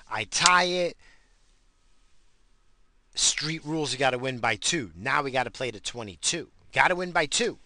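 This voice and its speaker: A man's voice: mid-range voice, no room sound. A middle-aged man from New York with a New York accent, telling a story in a casual monologue and swearing constantly. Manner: heavy swearing, animated. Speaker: solo storyteller.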